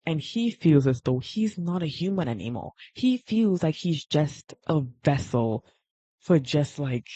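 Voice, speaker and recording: A young woman streaming while she draws, chatting casually and rambling excitedly and emotionally. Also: sits low, unhurried, slightly rough, dry recording, lo-fi sound. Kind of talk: casual livestream chat while drawing.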